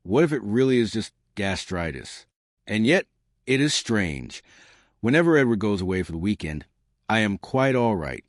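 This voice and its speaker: Male reader voicing a nervous wife, low voice, pleading, lilting lines. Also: very animated, normal speed, dry recording, clean studio sound. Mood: anxious. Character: frightened middle-aged wife, anxious, indignant. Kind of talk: audiobook reading.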